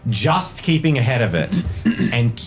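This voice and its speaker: A man narrating as game master, describing the scene with frequent pauses and fillers. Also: mid-range voice, big pitch swings, soft background music. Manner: halting narration with many fillers.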